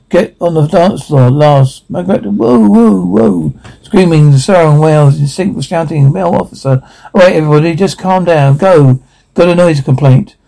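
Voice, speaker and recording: Man with a dark, gravelly voice reading captions. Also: on the high side, rough recording. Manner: reads every character's lines and sound cues in one voice. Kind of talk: flat reading of film dialogue and sound captions.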